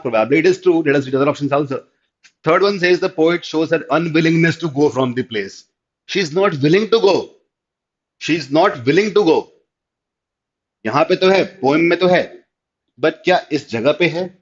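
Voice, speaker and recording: Indian male tutor, online lecture, higher voice, keeps checking "clear?", dull lo-fi audio. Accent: Indian English. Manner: explanatory, checks understanding with repeated "clear?", mixes in Hindi. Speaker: teacher.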